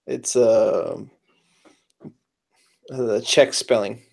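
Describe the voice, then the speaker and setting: A man's voice: mid-range voice, fairly even intonation, drawn-out words, gravelly, darkish tone. A tired man, up late at night, explaining programming choices in casual chat, hesitant with many fillers. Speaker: programmer giving advice.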